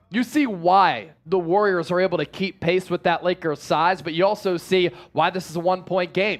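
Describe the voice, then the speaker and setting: A man hosting a live sports watch-party stream, reading out chat shout-outs and breaking down the game in casual, energetic talk. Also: high-pitched.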